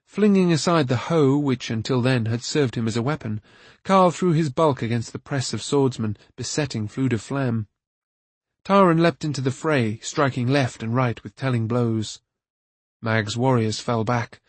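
A man narrating a fantasy novel aloud in a steady, even storytelling manner. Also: mid-range voice, moderate pace, no room sound. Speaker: audiobook narrator. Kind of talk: scripted narration.

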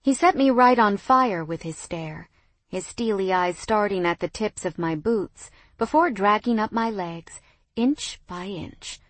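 Expressive young woman narrating a romance. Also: medium pitch, unhurried, dry recording. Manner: expressive, emotional dialogue reading. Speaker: audiobook narrator. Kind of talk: first-person romance narration.

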